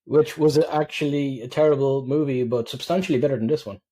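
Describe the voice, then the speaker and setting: A man's voice: medium pitch, steady tone, a little fast, dark tone. A man co-hosting a podcast, chatting casually about a film with dry, wry remarks. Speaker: podcast co-host. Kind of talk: casual movie review chat.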